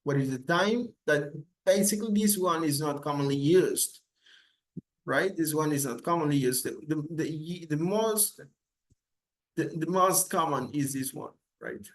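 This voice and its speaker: A man takes an English class through a grammar lesson. He speaks in an unhurried, drawn-out way and repeats every example sentence several times. His voice sits a little high for a man. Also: poor audio. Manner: slow, repeats each example several times, switches between English and Spanish. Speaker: English teacher.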